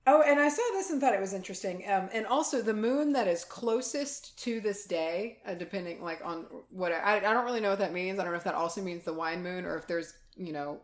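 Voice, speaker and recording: A woman's voice: mid-range voice, brisk, hardly any pauses. A woman co-hosting a casual podcast, talking in a chatty, rambling way and laughing often. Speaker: podcast co-host. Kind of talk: casual chat.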